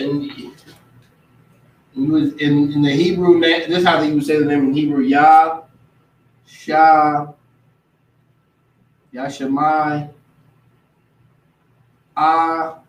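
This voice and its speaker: Slightly high-voiced man teaching, echoey and distant. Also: measured pace, long pauses. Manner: animated, mimics other people's voices. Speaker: religious teacher. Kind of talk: casual street teaching. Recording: echoey room, distant mic.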